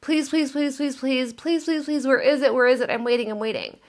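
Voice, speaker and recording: A woman's voice: sits high, a little fast, darkish tone, pitched above the performer's own voice. A woman voicing an impatient woman who pleads over and over, whining and insistent. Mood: whiny pleading. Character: whiny impatient woman begging for less.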